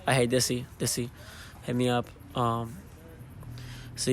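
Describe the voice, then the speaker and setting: A man, a DJ and show organizer, hoarse after losing his voice, talking tiredly in a casual post-show interview. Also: mid-range voice, monotone, unhurried, slight background noise. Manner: tired, laid-back, rambling with fillers. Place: at a live event venue after a show.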